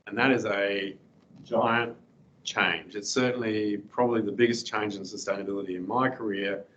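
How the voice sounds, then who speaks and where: A middle-aged man giving a guest lecture with slides, hoarse and clearing his throat, speaking haltingly with many fillers and restarts. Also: on the low side, fairly bright tone, highs cut off, slight background noise.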